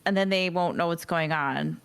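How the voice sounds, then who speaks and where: A woman's voice: on the low side, vocal fry, smooth. Giggly woman joking at a game table. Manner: giggly, quick jokes. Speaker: player. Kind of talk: casual tabletop game chat.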